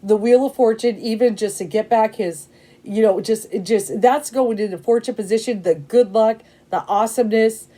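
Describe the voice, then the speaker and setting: A woman giving a casual tarot reading to camera, emotional and excitable, rambling with many fillers and frequent "okay?" checks. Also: on the high side, moderate pace. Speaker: tarot reader.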